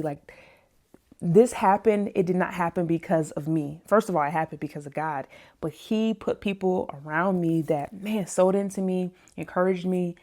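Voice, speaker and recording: A woman in her thirties, a personal chef, casually telling a story to her viewers, animated and laughing often. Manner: animated, laughs often, acts out other people's lines in a higher voice. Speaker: plant-based personal chef and vlog host.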